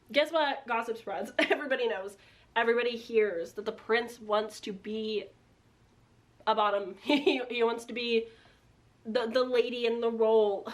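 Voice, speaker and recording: A young woman casually recapping a book she dislikes, chatty and sarcastic, filling her talk with "like", recorded on a built-in camera mic. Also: on the high side. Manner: chatty, sarcastic, heavy use of "like". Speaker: book reviewer. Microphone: built-in camera mic, no external microphone.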